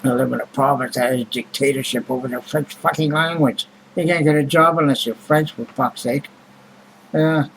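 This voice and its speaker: A man's voice: medium pitch, steady tone, moderate pace, a bit bright, slight background noise, poor audio. A man vlogging in a rambling, casual monologue, blunt and grumbling, with heavy swearing and many fillers.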